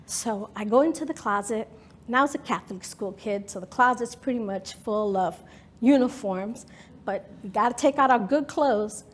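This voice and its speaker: A woman's voice: mid-range voice, moderate pace. A woman in her fifties from New York, telling a personal story in a talk with dramatic, emotional present-tense narration. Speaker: speaker.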